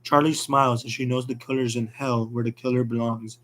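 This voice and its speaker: A man narrating a fan horror story in a plain, rushed reading with slips. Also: mid-range voice, little pitch movement, a bit bright.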